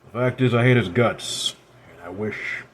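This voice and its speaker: A man voicing a bitter, worn-out grown man who mutters bluntly and crudely in a tired, low-energy way. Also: moderate pace, a little hiss or hum, natural voice. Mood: bitter weary.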